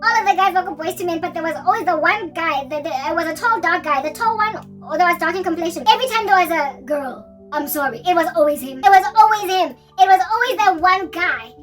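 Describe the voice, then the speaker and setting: A woman's voice: extremely high pitch, expressive, quick pace, hardly any pauses, fairly bright tone, recorded from a distance, faint music behind. A woman rambling animatedly in a casual vlog chat, now and then breaking into snatches of song. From South Africa. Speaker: Christian vlogger.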